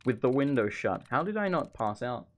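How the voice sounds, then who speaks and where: A man's voice: medium pitch, big pitch swings. A man streaming live gameplay commentary, rambling and chatting with viewers while feeling overheated at home. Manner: rambling, chatty, quick asides to chat. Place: home room.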